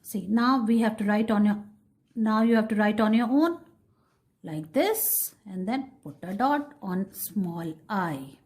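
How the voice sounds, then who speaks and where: A woman teaching phonics to kindergarten children, sounding out letters slowly and repeating each word. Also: medium pitch, lively intonation, darkish tone. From India. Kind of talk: slow, sing-song phonics lesson for young children.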